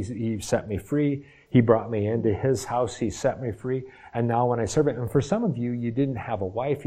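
A man's voice: medium pitch, dark tone. A middle-aged man, a pastor, preaching a sermon with emphatic bursts and frequent restarts and repeated words.

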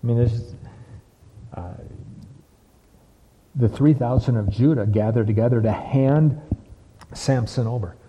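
A man preaching from the pulpit, his dark, husky voice rolling out in long questions he repeats again and again. The sound is dull and lo-fi, with a long hall reverb behind every word. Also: mid-range voice, measured pace, pauses often. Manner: preaching with heavy repetition and rhetorical questions. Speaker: pastor. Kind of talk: sermon.

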